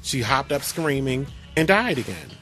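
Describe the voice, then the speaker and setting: A man hosts a casual radio talk show at a mid-range pitch. He tells stories in an animated way, stumbling and restarting as he goes. Faint music plays underneath. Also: normal speed. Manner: animated storyteller, restarts often.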